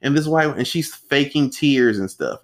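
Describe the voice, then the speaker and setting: A man's voice: medium pitch, moderate pace. A man co-hosting a podcast, talking casually and animatedly, often acting out the people he talks about. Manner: animated, acts out quoted people. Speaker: podcast co-host.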